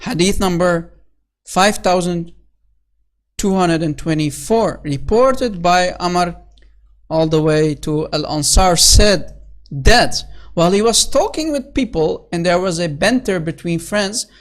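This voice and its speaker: A speaker giving a solo commentary, reading citations and numbers aloud, then scornfully mocking the passages with sarcastic asides and lots of "basically" and "you know". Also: mid-range voice. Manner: scornful, sarcastic, quick to sneer. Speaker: online religious critic.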